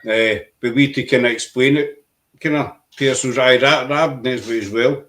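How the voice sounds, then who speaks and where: Chatty Glaswegian man telling stories. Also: moderate pace. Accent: Glaswegian Scottish. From Glasgow, Scotland. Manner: rambling storyteller, lively swings in pitch. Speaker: podcast guest. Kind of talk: casual chat.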